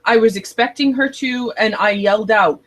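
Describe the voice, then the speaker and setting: An animated co-host of a casual TV recap chat who often chimes in with quick agreements. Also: mid-range voice, poor audio.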